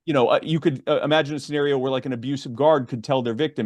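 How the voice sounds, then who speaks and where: Middle-aged man, interview guest, earnest, halting, dry close sound. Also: mid-range voice, steady tone, darkish tone, dry recording. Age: 40s or older. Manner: earnest, many restarts and fillers. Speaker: advocacy group guest. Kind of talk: interview, explaining legislation.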